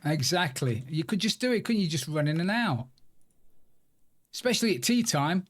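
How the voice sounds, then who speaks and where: A chatty man gives loose, running commentary over his game stream. His voice sits a touch high for a man, and he keeps up a self-deprecating, joking banter. A faint hiss runs under the recording. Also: sing-song, moderate pace. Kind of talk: casual live-stream commentary while gaming.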